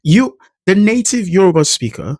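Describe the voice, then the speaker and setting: A man's voice: high-pitched, very animated, moderate pace, darkish tone, no echo. A man with a Nigerian accent, a native Idoma speaker, talking casually to camera as a pronunciation coach and trying out sample words as he explains. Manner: thoughtful, explains with spoken pronunciation examples.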